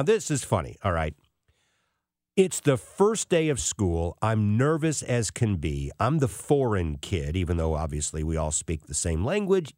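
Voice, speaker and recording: Sixties male commentator, self-deprecating anecdotes, very lively intonation. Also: lowish voice, no room sound, clean studio sound. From United States. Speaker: financial commentator. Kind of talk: casual storytelling monologue.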